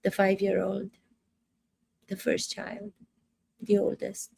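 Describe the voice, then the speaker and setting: Gravelly, slow-talking woman acting coach. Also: mid-range voice, completely flat delivery, darkish tone, slight background noise. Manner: emphatic, repeats phrases, asks rhetorical questions. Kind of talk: casual commentary to camera.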